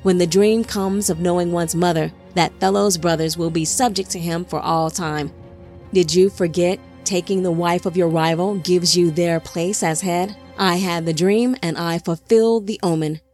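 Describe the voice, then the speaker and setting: A scheming young man, smug and taunting, who gloats at his brothers, as a woman reads him aloud. The voice sits a little low, and faint music runs beneath the storybook reading. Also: steady tone, normal speed, a little mellow, lightly acted. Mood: gloating.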